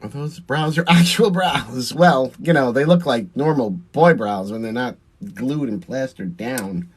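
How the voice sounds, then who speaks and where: A man's voice: mid-range voice, a little slow, breathy edge. A man with a Long Island accent, a drag performer chatting through a livestream while doing his makeup, answering viewer comments and laughing often.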